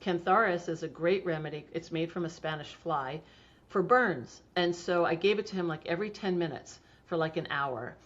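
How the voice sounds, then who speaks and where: A woman's voice: fairly low pitch, normal speed, a bit bright. A middle-aged woman, a homeopathy practitioner, talking casually in an interview with chatty storytelling and frequent fillers. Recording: dull lo-fi sound.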